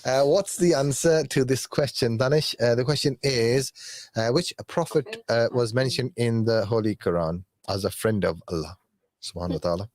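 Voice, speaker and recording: A man hosting a live radio show in a studio, chatting casually and joking with callers, with lots of halting fillers. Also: medium pitch, darkish tone, no room sound. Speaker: radio host.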